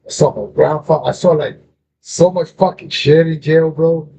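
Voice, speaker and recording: A man's voice: a little high, steady tone, moderate pace, vocal fry, warm tone, husky. A man telling a personal story in casual talk, profane and full of street slang, calling his listener bro. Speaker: podcast host. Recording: dull lo-fi audio with faint noise.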